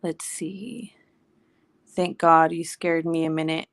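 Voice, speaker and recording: A woman in her thirties chatting casually to camera, telling an animated story full of quoted voices. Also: deep voice, takes it slowly, creaky. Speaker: vlogger. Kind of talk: casual chat.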